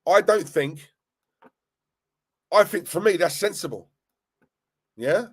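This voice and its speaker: A young man hosting a live stream, chatting casually, reading viewer comments and reacting with animated, rambling restarts. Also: takes it slowly, slightly rough. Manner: animated, rambling, restarts and laughs, pitch jumping when worked up. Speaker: fan channel live-stream host.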